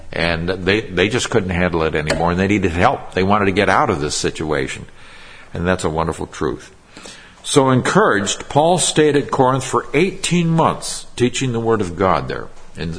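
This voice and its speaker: A middle-aged male pastor delivers a sermon in a low, husky voice. He slows down to explain Greek verb forms and repeats the key phrases for emphasis.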